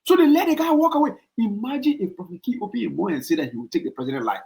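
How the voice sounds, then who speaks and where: Animated Liberian man arguing on a podcast. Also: fast, few pauses, poor audio. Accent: Liberian English. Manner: argumentative, repeats himself for emphasis, voice jumps up high when worked up. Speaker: podcast host. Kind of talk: heated podcast debate.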